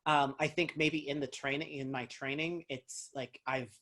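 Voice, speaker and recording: A man's voice: medium pitch, fairly even intonation, normal speed, sharp tone. A man from North Carolina with a light Southern accent, a dialect coach thinking aloud as he answers interview questions. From North Carolina, USA. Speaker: actor and dialect coach, guest.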